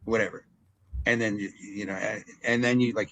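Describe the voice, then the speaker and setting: In a fairly low voice at a moderate pace, an older wrestling ring announcer recounts stories during a relaxed interview. He's animated, voicing the lines people said as he remembers them.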